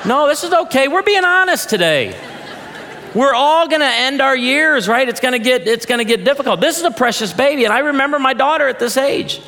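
A man's voice: extremely high pitch, animated, fairly quick, sharp tone. A man in his forties preaching a humorous sermon, joking with the audience and then turning heartfelt. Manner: playful, addresses the audience directly, jokes then turns heartfelt. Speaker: pastor. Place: large hall or church auditorium, before an audience. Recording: long reverb of a large hall.

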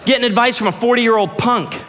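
A man in his forties preaching a sermon as a pastor, telling stories in a lively, joking way. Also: very high-pitched, a little fast, in a large hall. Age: 40s.

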